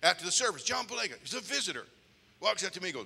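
Male pastor, storytelling sermon; bright, piercing tone, long church reverb. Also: high voice, very fast, gravelly, slightly rough. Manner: animated, acts out voices and shouts.

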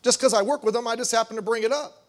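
Middle-aged male pastor, high voice, animated sermon delivery with acted-out quotes. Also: rapid-fire. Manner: animated, acts out quoted voices, reads scripture aloud.

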